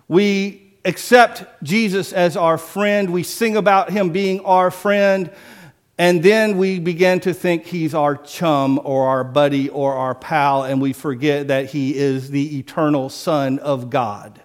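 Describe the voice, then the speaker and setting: A man preaching a sermon, telling stories with lively acted-out voices and dropping to a hush for solemn points. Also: on the high side, takes it slowly. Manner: animated storytelling, acts out voices, drops to a hush for solemn points.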